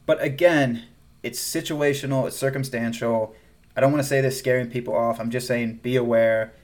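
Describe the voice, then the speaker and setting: A Southern-accented man co-hosting a casual podcast. He talks in an animated way, laughs often, and trails off and restarts as he goes. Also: mid-range voice, moderate pace. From American South. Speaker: podcast co-host. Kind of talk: casual chat.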